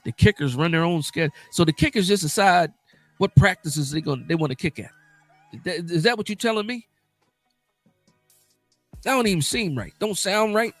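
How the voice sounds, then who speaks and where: A man hosting a live sports talk stream, animated and emphatic, who repeats himself to drive each point home. His voice sits high and the sound is close and dry, with faint music underneath. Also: normal speed, long pauses, no echo.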